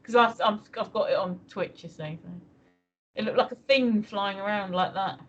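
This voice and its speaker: A woman chatting casually on a live stream, relaxed and quick to laugh along. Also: medium pitch, faint music behind. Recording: dull lo-fi call audio.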